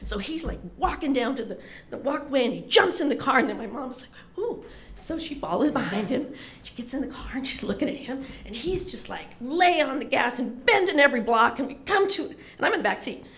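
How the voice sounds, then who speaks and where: A middle-aged woman tells a comedic personal story with lively, animated delivery and a fairly high voice. She swears casually as she builds up the scene. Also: a little fast.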